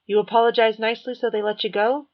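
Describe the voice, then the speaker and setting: A woman's voice: on the high side, level tone, voice pushed up, close to an everyday voice. A woman reading an audiobook voices a male Rasta ventriloquist puppet dressed as a preacher, with a thick Jamaican accent, on a dull lo-fi recording. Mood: teasing. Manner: thick accent, slow blessing.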